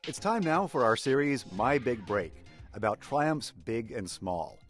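A man's voice: medium pitch, sing-song, a little slow, faint music behind. A male radio host introducing the next story in a conversational way. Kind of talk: introducing a segment.

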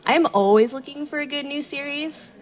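A woman's voice: high-pitched, brisk. A woman in a live podcast audience asks the hosts for a book recommendation. She sounds friendly and chatty, with an ordinary mid-range voice. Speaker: audience member asking a question.

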